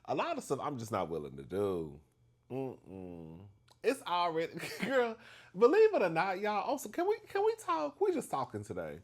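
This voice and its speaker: Male vlog host, casual storytime gossip, very expressive sing-song delivery, quick to laugh. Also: a little high. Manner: animated and gossipy, keeps calling the listener "girl"; laughs often between lines.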